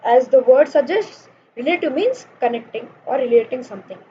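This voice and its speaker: A young online English teacher with a high, mellow voice and lively intonation gives an informal grammar lesson, patiently explaining things slowly with examples. She uses fillers and addresses her audience as "guys." The home recording is dull and lo-fi, with faint noise.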